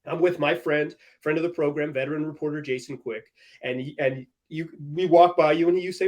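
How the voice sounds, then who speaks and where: A man's voice: a little high, fairly quick. A young man hosting a sports podcast, telling stories energetically and laughing as he goes. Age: young adult. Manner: energetic, animated, laughing storyteller. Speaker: podcast host. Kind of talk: casual sports podcast chat.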